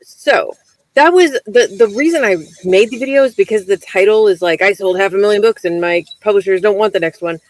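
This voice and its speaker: A woman author and book coach in casual livestream chat, explaining things in a relaxed way. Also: medium pitch, brisk, slight background noise, rough recording.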